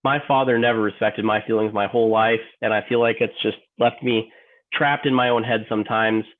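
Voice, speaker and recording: A man's voice: fairly low pitch, steady tone, brisk, pitched below the performer's own voice, lightly acted. A man playing an emotional office worker in a training role-play, stammering, repeating himself and apologizing over and over. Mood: hopeful. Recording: tinny phone-like line.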